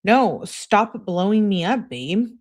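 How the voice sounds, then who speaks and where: A woman's voice: medium pitch, very animated, slow. Woman doing a young guy's texts, short and dismissive, brushing her off.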